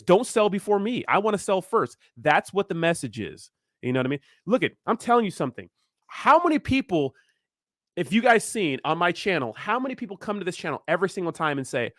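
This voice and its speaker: Young male streamer, slightly high voice, dry close mic, ranting and fired up. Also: sing-song, quick pace, no echo. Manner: fired-up, ranting, heavy filler "you know what I mean". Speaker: crypto livestream host. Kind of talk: live stream chat, reacting to viewers.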